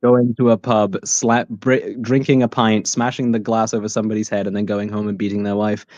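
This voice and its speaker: A man's voice: fairly low pitch, flat delivery, brisk, darkish tone, no echo. A man with a Yorkshire accent, chatting and joking on a livestream with lots of fillers. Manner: rambling, joking, many fillers. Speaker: livestream host. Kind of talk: casual chat. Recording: dull lo-fi stream audio.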